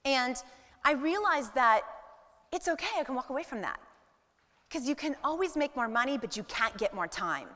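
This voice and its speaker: Bright, animated woman in an echoey hall. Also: high voice. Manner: animated, acts out scenes with quoted lines. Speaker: speaker at a women's business event. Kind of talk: motivational talk to an audience.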